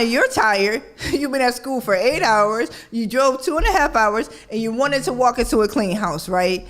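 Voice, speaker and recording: A middle-aged woman hosting a parenting radio show in a casual, conversational way. She keeps checking in with "right?" and acts out her own yelling. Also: fairly high pitch. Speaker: podcast host. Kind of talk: casual talk-radio monologue.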